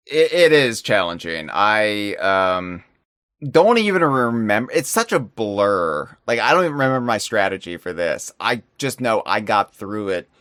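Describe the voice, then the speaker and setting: A man's voice: on the low side, no echo, studio quality. A man as a guest on a podcast, chatting casually and with animation. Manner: animated, chatty, quick to laugh.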